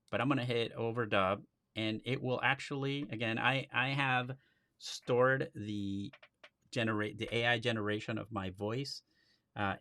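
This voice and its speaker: A man hosting a live stream, walking through a software demo in a casual, chatty way with frequent restarts. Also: lowish voice, no room sound, studio quality.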